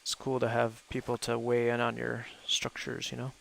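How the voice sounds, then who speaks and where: A chatty, easygoing man talks casually with friends while playing a game. His voice has a gravelly edge and sits at a middle pitch, and he often stops to think out loud. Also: monotone, normal speed, slight background noise. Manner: thinks aloud with fillers. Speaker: gaming host playing with friends. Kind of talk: casual chat while gaming.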